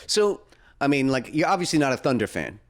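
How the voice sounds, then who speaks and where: A man's voice: mid-range voice, sing-song, a little fast. A man hosting a casual podcast chat, stammering and laughing easily. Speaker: podcast host.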